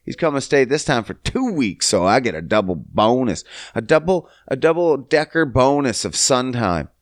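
A young adult man from Canada hosting a solo comedy podcast, profane and sing-song, jumping up high for silly bits. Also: very animated, normal speed, no echo, clean studio sound. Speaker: podcast host.

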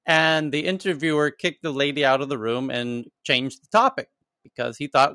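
A man hosting a casual live audio chat, telling stories with animated, profane asides. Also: fairly high pitch, moderate pace, no echo. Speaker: host.

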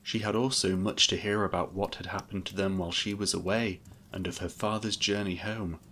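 A man narrating a classic fairy tale in a steady, measured storybook reading. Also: deep voice, a little hiss or hum.

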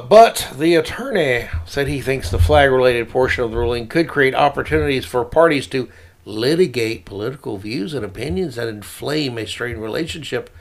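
A man hosting his own opinion podcast, talking in a sarcastic, mocking way. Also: medium pitch. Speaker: podcast host.

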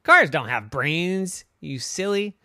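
Big bad wolf car, a man doing it: boastful bully, high and swooping, gravelly. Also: lively intonation, takes it slowly, bright, forceful tone, no room sound, heavily acted. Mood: gloating. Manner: gloating, cackling, then pleading.

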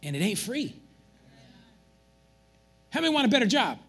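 A man preaching a sermon as pastor, animated and joking with the congregation in a church. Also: extremely high pitch, moderate pace, breathy edge.

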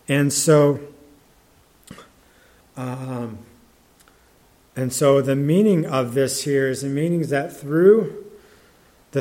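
A man preaching a sermon in a conversational, halting way, with many restarts and fillers, and reading scripture aloud in older English. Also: mid-range voice, darkish tone.

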